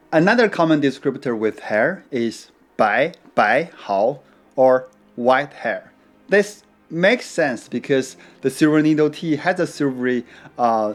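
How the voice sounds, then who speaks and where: A man giving a measured, unhurried explanation about tea, adding small playful asides. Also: a little high. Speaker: tea educator. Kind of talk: scripted educational narration.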